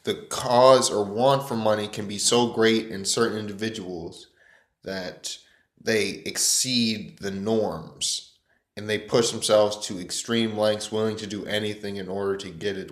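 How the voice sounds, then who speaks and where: A man talking through a casual rant, rambling and profane. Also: lowish voice. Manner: rambling, profane, loud opening hype. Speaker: vlogger. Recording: echoey room.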